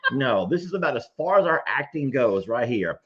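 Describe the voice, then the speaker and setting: A man hosting a casual live show, telling stories in an animated way, often laughing. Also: mid-range voice, normal speed. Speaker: host. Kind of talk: casual livestream chat. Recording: dull lo-fi stream audio.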